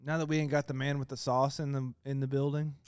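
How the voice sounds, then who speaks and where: A man's voice: mid-range voice, level tone, quick pace, darkish tone, smooth. A man co-hosting a comedy podcast, playful and teasing in casual chat. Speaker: podcast co-host.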